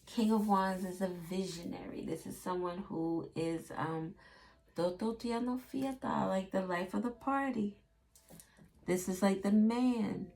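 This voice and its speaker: Woman doing a chill tarot reading, slow and chatty, does little playful voices. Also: mid-range voice, gravelly, a little mellow. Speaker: tarot reader.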